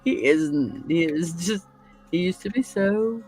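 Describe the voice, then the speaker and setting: A woman's voice: fairly low pitch, slow pace, darkish tone, slightly rough, soft background music, low-quality recording. A woman hosting a casual chat show, telling crude stories with a laugh and acting out other people's lines. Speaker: podcast host.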